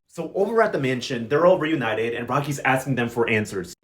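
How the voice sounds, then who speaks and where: A man's voice: fairly high pitch, a little fast, hardly any pauses. A man giving a casual telenovela recap, sassy and slangy, telling the story with dramatic flair. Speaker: recap vlogger.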